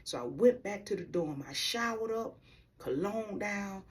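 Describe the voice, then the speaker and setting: A woman's voice: medium pitch, animated, a little slow, recorded from a distance. A woman sharing a personal faith testimony to her viewers in a candid, slangy way, talking straight to them.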